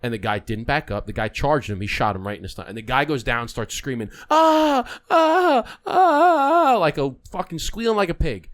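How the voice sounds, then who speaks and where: A man's voice: medium pitch, quick pace, few pauses. A man hosting a podcast, chatting casually and animatedly, acting out the people in his stories. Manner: animated storyteller, acts out voices in stories. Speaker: podcast host.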